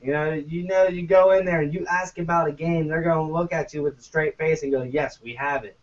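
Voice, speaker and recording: A man's voice: fairly high pitch, flat delivery, a little fast. A man co-hosting a gaming podcast, ranting casually and profanely. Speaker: podcast co-host. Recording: muffled lo-fi, distant from mic.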